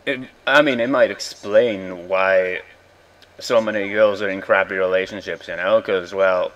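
A man's voice: sits low, steady tone, a little slow, a bit bright, muffled recording. A young man ranting in a rambling, exasperated way, swearing often while commenting on a game. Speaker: gaming video host. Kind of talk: casual rant over gameplay.

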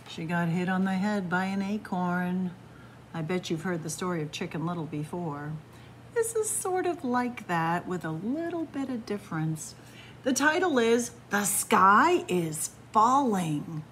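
A woman librarian reads a children's picture book aloud, slow and unhurried, with a voice that rises and falls playfully. Her manner is animated and inviting, with a faint hum of room noise behind her. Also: fairly low pitch.

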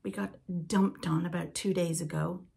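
A woman's voice: on the low side, steady tone, normal speed, creaky, a little mellow, breathy edge. An older woman from Britain hosting a podcast in a casual, rambling chat with asides to the listener. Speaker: podcast host.

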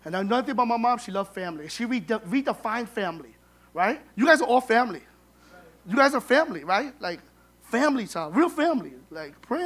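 A high-voiced man described as "New" speaks a little fast as an animated storyteller. He is a son giving a storytelling eulogy at a memorial service, humorous and animated, acting out dialogue.

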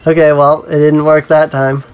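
A man's voice: a little high, flat delivery, normal speed, clear, resonant tone, soft background music. A man giving casual gameplay commentary as a let's play host, musing to himself with frequent ums.

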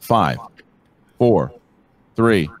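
A man acting as quizmaster, reading trivia questions and counting down in a measured way. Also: deep voice, lively intonation, dry recording.

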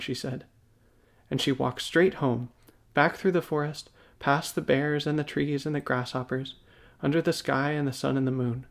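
A man narrating a bedtime story in an even, storybook reading cadence. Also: medium pitch, normal speed, gravelly.

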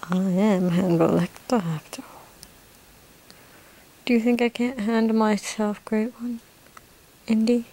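A woman's voice: medium pitch, gravelly. Woman doing a smug whispering Hannibal Lecter. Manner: slow, drifting into soft whispers. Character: smug male cannibal mastermind psychiatrist. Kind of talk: amateur role-play monologue.

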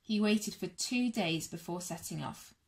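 A woman reading a Bible story aloud to children and families in a church all-age session, measured and warm. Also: on the low side.

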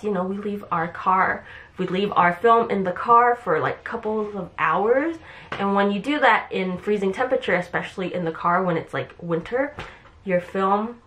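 A woman's voice: medium pitch, a bit bright. A young woman vlogging in a chatty, rambling way, with a slight lisp from her braces. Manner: chatty, rambling, with fillers and restarts. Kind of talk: casual vlog chat.

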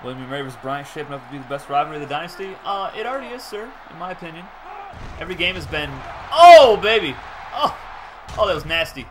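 A man streaming and commentating a football video game live, chatting with viewers and shouting on big plays. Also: fairly high pitch, rapid-fire, crowd noise. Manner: excitable, laughs often, breaks into shouting on big plays; chats with viewers. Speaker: gaming streamer.

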